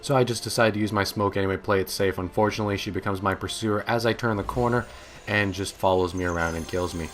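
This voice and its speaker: A man's voice: on the low side, steady tone, fast talker. A young man giving amused, sarcastic voice-over commentary on his own video game match, recorded in a home office. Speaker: gaming commentator.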